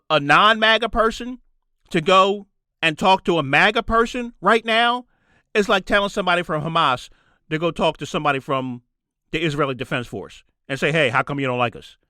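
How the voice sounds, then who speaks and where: A man's voice: sits high, bright, forceful tone, dry recording, studio quality. A man hosting his own political podcast, ranting in a solo commentary and repeating his points for emphasis. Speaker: podcast host.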